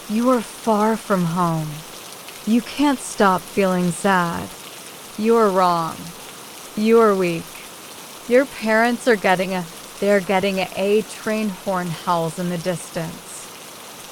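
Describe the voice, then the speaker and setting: A woman reading a first-person children's novel aloud as an audiobook narrator, in a slow, measured way. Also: mid-range voice, a little hiss or hum, rough recording.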